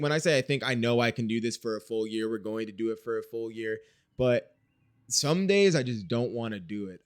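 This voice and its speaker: A man's voice: mid-range voice, a bit bright, dry recording, clean studio sound. A man from Wisconsin talking through a casual spoken video diary, rambling and candid with some swearing. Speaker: video diarist.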